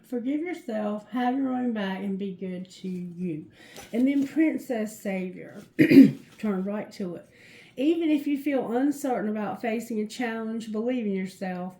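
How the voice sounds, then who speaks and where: A woman with a fairly high voice gives a chatty tarot card reading to her viewers. She is effusive and giggles often between her messages. Her voice rings out in an echoey room. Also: mellow. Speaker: tarot reader.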